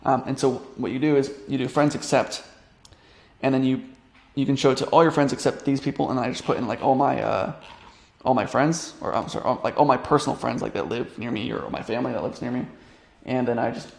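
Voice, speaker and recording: A man's voice: mid-range voice, gravelly, a little mellow, roomy sound. A young man coaching online business, talking through a casual screen-share tutorial in a rambling way, with many fillers and restarts.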